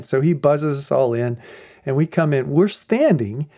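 A man's voice: on the high side, a little slow. A middle-aged man who is a pastor, telling stories in a podcast and acting out the people in them. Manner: animated storyteller who acts out the people in his stories. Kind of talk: storytelling podcast talk.

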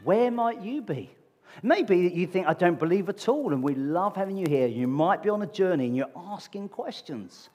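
Husky male preacher in a reverberant hall. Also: high voice, expressive, moderate pace, darkish tone. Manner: conversational, asks the congregation rhetorical questions. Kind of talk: sermon. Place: church meeting hall. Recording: long reverb of a large hall.

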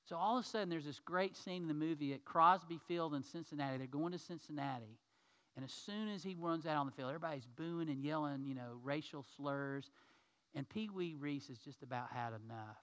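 A man preaching a sermon to his congregation, telling a story in a lively way and acting out the people in it. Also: fairly high pitch, fairly quick. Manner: storytelling, acts out quoted people; addresses congregation as y'all. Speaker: pastor.

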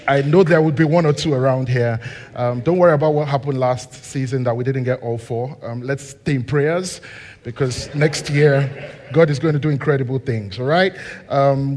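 A man preaching a story-driven sermon as a guest speaker, moving between quiet asides and loud, animated shouting. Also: medium pitch. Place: church hall. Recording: long hall reverb.

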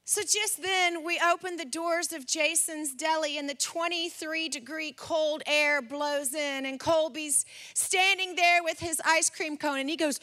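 A woman in her forties delivers a sermon through a lively personal story. Her voice sits high and sounds bright. She jumps into the voices of the people in the story as she tells it. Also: normal speed, few pauses. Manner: animated storyteller, acts out her son's voice. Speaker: pastor.

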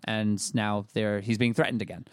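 A man co-hosting a podcast in casual chat, rambling and joking, quick to laugh. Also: fairly low pitch, little pitch movement, clear, resonant tone, dry recording, clean studio sound. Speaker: podcast co-host.

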